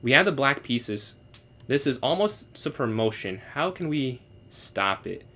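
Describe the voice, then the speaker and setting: A young man solving chess puzzles live, thinking aloud and answering chat, sometimes trying out halting beginner French. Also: mid-range voice, very animated, pushed and bright. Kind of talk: casual live-stream commentary.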